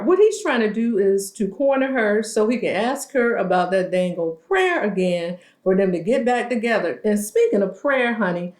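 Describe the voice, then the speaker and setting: A woman's voice: mid-range voice, expressive, normal speed, hardly any pauses, darkish tone. Sassy gossiping woman recapping a show. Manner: sassy, gossipy, acts out quotes in shifting voices. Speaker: reality show recap commentator. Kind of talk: casual recap commentary. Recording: roomy echo.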